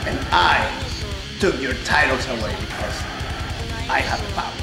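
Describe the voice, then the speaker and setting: A man's voice: mid-range voice, animated, normal speed, creaky. A man with a German accent cutting a boastful, domineering wrestling promo as commissioner. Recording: echoey room with music behind. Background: music.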